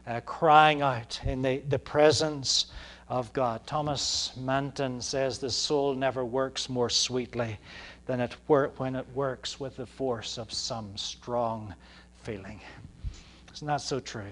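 A man preaching a conversational sermon, with frequent fillers and restarts, building to passionate emphasis. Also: on the high side. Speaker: pastor.

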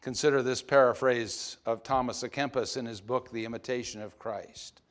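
A man preaching a sermon as pastor at a church service, with deliberate emphasis that swings between loud stresses and soft, low phrases. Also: fairly even intonation.

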